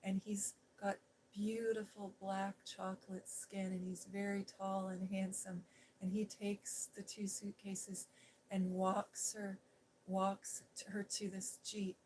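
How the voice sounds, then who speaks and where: A middle-aged woman, an ASMR host, telling a personal story in a gentle, hushed voice that drifts into whispers. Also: medium pitch, flat delivery, takes it slowly, slight background noise, low-quality recording. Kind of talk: soft-spoken storytelling.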